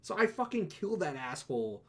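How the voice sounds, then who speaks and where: Animated, swearing gaming podcast man. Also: fairly high pitch, fairly quick. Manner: animated storyteller, swears freely, acts out dialogue. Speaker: podcast co-host. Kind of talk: casual gaming podcast chat.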